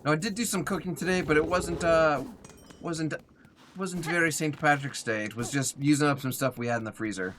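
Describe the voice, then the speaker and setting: Fairly high-pitched and fairly bright, a young man talks fairly quickly over slight background noise as he live-streams a game. He's chatty, reads the chat aloud, talks to himself while playing, and sounds a bit tired and yawny.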